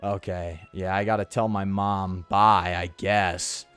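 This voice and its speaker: A man streaming a game, chatting casually in an animated, slangy, ranting way. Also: deep voice, takes it slowly, clear, resonant tone, no room sound, faint music behind. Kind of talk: casual live-stream chat while gaming.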